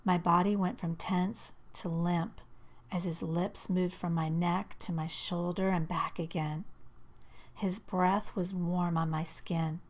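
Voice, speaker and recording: A woman narrating a first-person novel as an audiobook, in an intimate, measured and expressive reading. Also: on the low side.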